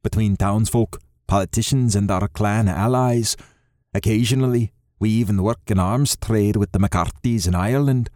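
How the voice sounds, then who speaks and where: A man narrating a first-person audiobook in a steady, low-key way. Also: normal speed, dry recording, clean studio sound.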